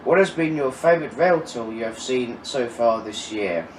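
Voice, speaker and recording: A man's voice: medium pitch, lively intonation, normal speed. A man in his twenties answering viewer questions in a casual, chatty way. He laughs often and swears now and then. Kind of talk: casual Q&A chat. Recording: echoey, distant mic with faint ambient noise.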